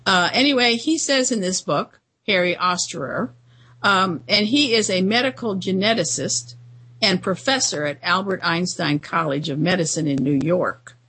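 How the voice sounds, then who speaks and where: A woman's voice: lowish voice, moderate pace, a bit bright, breathy edge, rough recording. A woman hosting a commentary show, talking through news items in a rambling, indignant monologue with frequent fillers and restarts.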